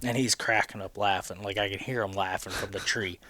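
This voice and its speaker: A man's voice: lowish voice, brisk, dry recording. A man with a Midwestern American accent hosting a podcast, telling a rambling story in casual chat with frequent restarts. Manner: rambling, animated retelling with many restarts. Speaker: podcast host.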